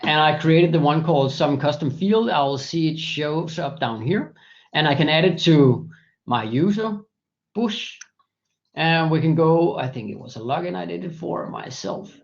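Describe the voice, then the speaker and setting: A man with a slightly high voice walks through a software product demo step by step, pausing often to find his words. The webinar audio sounds dull and lo-fi. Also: animated, creaky. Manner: many fillers and restarts, methodical walkthrough. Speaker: software presenter. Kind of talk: screen-share product demo.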